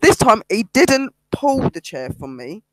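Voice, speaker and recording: A British man and paranormal investigator, casually telling a ghost story in an animated way and acting out the quotes. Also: high voice, a little slow.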